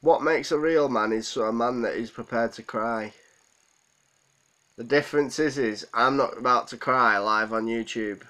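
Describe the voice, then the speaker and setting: A man's voice: medium pitch, measured pace, pushed and bright, rough recording. A man hosting a live stream, holding back tears as he rambles and answers viewers' comments. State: close to tears. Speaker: livestream host. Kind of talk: emotional live stream chat.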